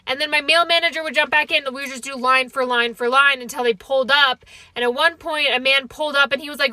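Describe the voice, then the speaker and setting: A woman telling funny personal stories in a wry, animated voice-over, acting out the quotes. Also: high voice, fairly quick, dry recording. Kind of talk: storytelling voice-over.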